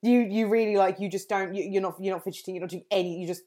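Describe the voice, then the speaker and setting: A woman's voice: medium pitch, fairly even intonation, fast, mellow. A woman co-hosting a podcast in casual chat, playful and self-mocking. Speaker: podcast co-host.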